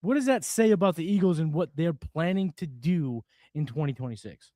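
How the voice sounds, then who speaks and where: A man with a somewhat high voice co-hosting a live sports stream. He talks in an energetic, bantering way and fires off quick questions. The sound is dry and close. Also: no echo. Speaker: co-host. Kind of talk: live draft coverage chat.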